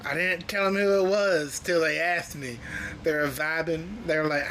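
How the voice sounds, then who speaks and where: A man hosting a music reaction video, talking in an excited, earnest and chatty way as he tells stories between tracks. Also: fairly high pitch, moderate pace, a little hiss or hum. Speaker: music reaction channel host. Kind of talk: casual reaction commentary.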